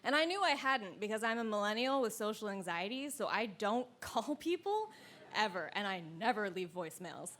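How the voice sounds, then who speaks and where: A woman in her thirties telling a true story live, with wry, deadpan comic asides. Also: medium pitch, moderate pace.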